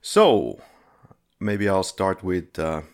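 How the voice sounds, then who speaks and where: A man's voice: sits low, expressive, extremely slow. A man co-hosting a casual podcast, rambling and correcting himself as he talks. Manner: rambling, self-correcting, laughs often. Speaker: podcast co-host.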